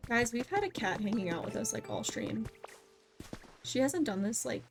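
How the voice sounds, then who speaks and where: A woman's voice: fairly high pitch, very animated, normal speed, creaky. A young woman casually chatting while streaming a game, cooing baby talk at her cat and swearing now and then. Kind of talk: casual livestream chat. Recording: game music playing underneath.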